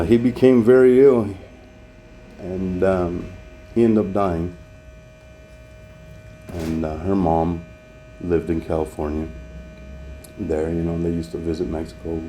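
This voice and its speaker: A man with a low, dark, mellow voice tells his life testimony slowly and without a script. He halts often, restarts his sentences and fills pauses with "uh" and "um". A faint electrical hum runs under the recording. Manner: halting, with many fillers and restarts; becomes emotional, voice rising. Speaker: former truck driver giving a testimony. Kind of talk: personal testimony, unscripted. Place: home in Mexico.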